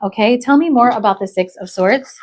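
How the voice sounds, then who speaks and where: A tarot reader with a slightly high, darkish voice speaks a little fast over a faint hiss or hum. She sounds a bit unwell as she reads the cards in a loose, chatty flow, breaking in with exclamations and repeatedly asking "okay?" while explaining each one.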